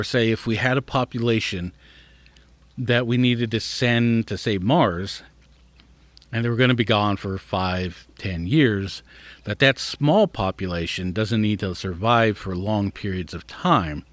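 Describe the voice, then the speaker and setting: In a fairly low voice with no echo, a male podcast host reads an article and interjects his own thoughts. Difficult words sometimes trip him up.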